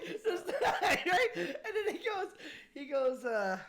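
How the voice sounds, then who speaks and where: Young male host, high and very lively voice, excitable, laughs often, casual chat. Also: slow pace, gravelly. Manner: excitable, laughs a lot, acts out movie scenes. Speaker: podcast host.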